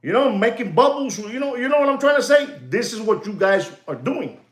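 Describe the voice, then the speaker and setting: On a live stream, a male host with an extremely high voice speaks a little fast, wandering through a teasing lecture crammed with "you know." His manner is excitable and animated, and the audio carries the echo of a large room.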